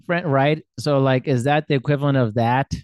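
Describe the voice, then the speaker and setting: A man's voice: mid-range voice, fairly even intonation, normal speed, darkish tone, clear, resonant tone, no room sound, studio quality. A man hosting a casual interview, chatty and self-deprecating, with lots of fillers. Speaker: podcast host.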